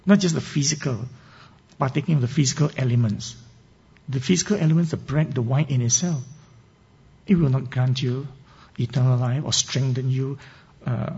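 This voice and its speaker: A man's voice: medium pitch, dark tone, breathy edge, dull audio. A man preaching a sermon, teaching earnestly and reading scripture with emphasis. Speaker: pastor.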